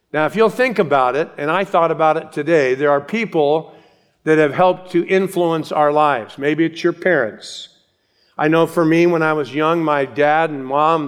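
A middle-aged male pastor teaching an expository Bible sermon, slowing down and dwelling on each phrase as he reads scripture aloud. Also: a little high, clean tone. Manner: measured, slows to read scripture aloud.

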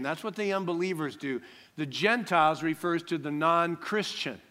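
Male preacher, bright and emphatic, call-and-response sermon delivery. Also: a little high, moderate pace. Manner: emphatic, repeats key lines, call-and-response. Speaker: pastor.

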